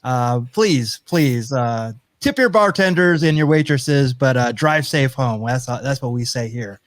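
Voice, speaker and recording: A man's voice: medium pitch, lively intonation, a little slow, dry recording. A man hosting a podcast, reading upbeat scripted welcomes and trading chuckling asides with his co-hosts. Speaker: podcast host. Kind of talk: casual chat.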